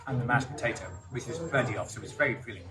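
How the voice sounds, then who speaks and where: Male vlog host, mid-pitched, chatty and upbeat; heavy background noise with traffic. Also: rapid-fire. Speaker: vlogger host. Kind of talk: casual vlog chat.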